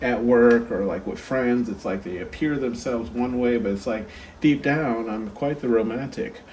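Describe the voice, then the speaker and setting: A man's voice: medium pitch, moderate pace, darkish tone, a little hiss or hum. A man giving a casual pick-a-card tarot reading, rambling and chatty with lots of fillers and asides.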